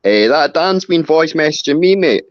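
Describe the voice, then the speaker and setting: A man's voice: a little high, lively intonation, moderate pace, dry recording. A Scottish man calling into a live stream, agitated, swearing and repeating himself. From Scotland. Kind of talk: casual call-in chat. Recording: dull lo-fi call audio.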